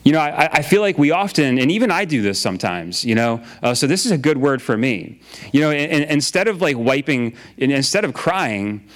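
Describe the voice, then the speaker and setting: A man's voice: on the high side, very animated, brisk. A man preaching a sermon in a casual, conversational way, often repeating his phrases and using filler words. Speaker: pastor.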